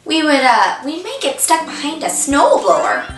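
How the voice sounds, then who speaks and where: A woman puts on a daffy, chatty middle-aged mom, pitched very high and swooping all over the place. She rambles along in a slow, echoey room, a little off the mic, with music playing behind her. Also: wildly swooping pitch, far from the mic. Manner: rambling, folksy, chirpy with sudden shrill outbursts. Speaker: comic character monologue. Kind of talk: comedy sketch monologue.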